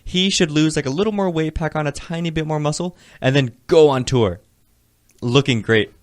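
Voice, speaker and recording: A man's voice: fairly high pitch, normal speed. A man co-hosting a podcast in casual chat, eager and opinionated. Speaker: podcast co-host.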